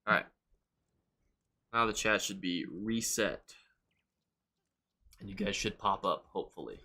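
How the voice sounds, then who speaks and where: A man streaming a game live, chatting with viewers and reacting loudly and with swearing to the action. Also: low-pitched, lively intonation, measured pace. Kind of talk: live gameplay commentary.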